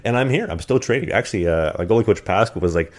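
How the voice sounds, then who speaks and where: Low-voiced guy rattling off stories quick, lots of likes and restarts. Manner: rambling, animated storyteller. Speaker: podcast guest. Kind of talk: casual chat. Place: rented apartment.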